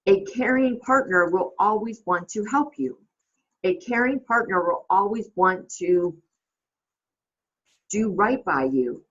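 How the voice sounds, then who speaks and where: A woman's voice: mid-range voice, animated, slow, long pauses, fairly bright tone, muffled recording. A woman hosting a casual reflective monologue, rambling with many fillers and restarts. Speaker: host.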